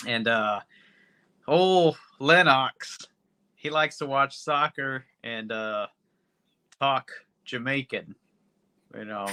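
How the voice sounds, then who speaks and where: Bright-voiced, laid-back male podcast host. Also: medium pitch, slow, pauses often, smooth. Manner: laid-back plot recap with fillers. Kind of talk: casual movie review chat.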